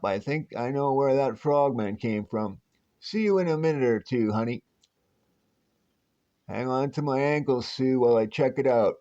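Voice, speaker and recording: A man's voice: mid-range voice, darkish tone, lo-fi sound. A man reading as a wisecracking hero detective. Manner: breezy, jokey delivery. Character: stretchy male superhero detective, wisecracking and upbeat.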